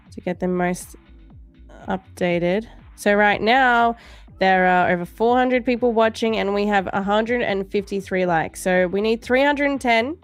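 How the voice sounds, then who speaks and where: Woman, live-stream host, casual chat, playful and teasing, mid-pitched voice, soft music underneath. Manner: playful, laughs often, teasing. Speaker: livestream trading show host.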